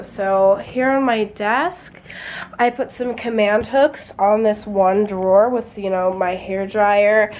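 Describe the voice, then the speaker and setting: Slight background noise and poor audio mark this clip of a young woman showing off her college dorm room in a vlog. She speaks in a mid-range voice, casual and rambling, with many fillers and a slightly tired sound.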